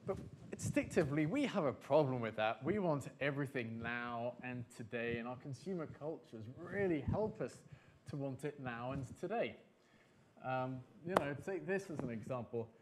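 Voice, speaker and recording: A man giving a conference talk, animated and emphatic, repeating his key phrases for effect. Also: mid-range voice, normal speed. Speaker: conference speaker.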